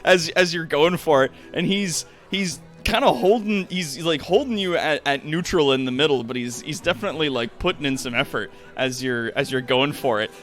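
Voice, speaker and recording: A man's voice: on the high side, normal speed, hardly any pauses, a bit bright, soft background music. A man narrating as game master in a tabletop game, rambling with many fillers and restarts.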